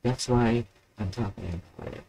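A man's voice: lowish voice, moderate pace, gravelly, mellow, slight background noise, rough recording. A young man hosting a live stream alone, rambling and mocking himself while he waits for viewers. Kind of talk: casual solo live stream chat.

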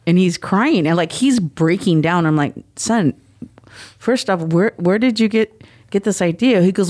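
A middle-aged woman sits in as an interview guest, recounting family stories. Her telling is animated, and she slips into the voices of the people she quotes as she goes. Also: lowish voice, normal speed. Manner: animated, acts out quoted dialogue. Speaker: guest, mother of the athlete. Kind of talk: casual interview storytelling.

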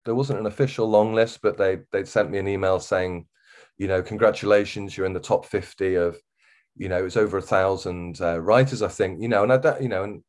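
A man with a Wirral accent, a podcast guest, talking casually and haltingly with many ums and restarts. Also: sits low, a little mellow. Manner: hesitant, full of ums and restarts. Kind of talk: casual interview chat.

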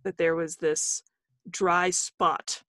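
A woman author talks through her ideas in an earnest, explanatory way, breaking into easy laughter. Her voice sits on the low side. The sound is dry and close to the mic. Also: little pitch movement, takes it slowly, fairly bright tone, no room sound. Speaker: author and guest. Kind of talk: podcast interview.

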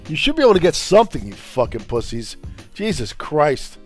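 A podcast host from Brooklyn, ranting angrily and profanely in a confrontational way. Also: male voice, on the high side, huge pitch swings, fairly quick, breathy edge, soft background music. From Brooklyn, New York. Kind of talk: angry profane rant.

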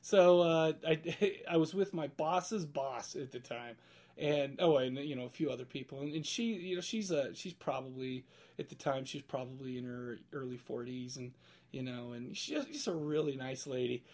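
Rambling male podcast host, halting casual delivery. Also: mid-range voice, a little mellow. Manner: rambling, halting, laughs often. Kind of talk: casual chat.

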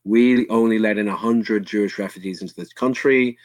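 An Irish man talks history on a podcast in a low, dry voice. He speaks with earnest bluntness, stops and restarts a lot, and swears now and then. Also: fairly quick, darkish tone, no echo. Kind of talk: casual history discussion.

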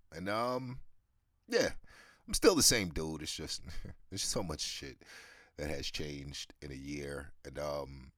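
A man with a very deep, low voice delivers a rambling, profane rant as a show host, laughing as he goes. The sound is dry and close, with no room around it. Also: fairly bright tone, no room sound. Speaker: podcast host. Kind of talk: casual ranting monologue. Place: New York.

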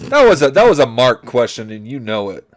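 A man co-hosting a comedy podcast, reading a story aloud in a deadpan way and stopping to comment on the text. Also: mid-range voice, a little fast. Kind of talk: comedic read-aloud with banter.

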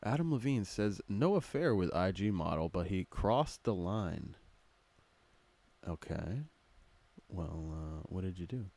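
A man's voice: deep voice, lively intonation, a little slow, vocal fry, pauses often, warm tone. A man hosting a solo comedy podcast, rambling crudely and joking, muttering to himself as he reads headlines. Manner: crude, joking, mumbles to himself while browsing. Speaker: podcast host.

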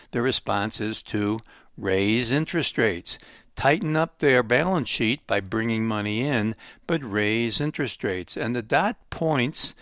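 A man's voice: mid-range voice, a bit bright, dry recording, clean studio sound. A man hosting a program, giving an emphatic economic commentary monologue full of rhetorical questions. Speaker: radio program host.

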